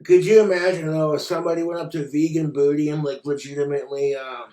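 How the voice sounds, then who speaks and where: A man delivers a sarcastic, exasperated rant straight to camera, swearing freely. His voice sits a touch higher than most men's. The sound carries a noticeable room echo. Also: flat delivery, quick pace, dark tone. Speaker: commentary vlogger. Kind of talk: ranting commentary.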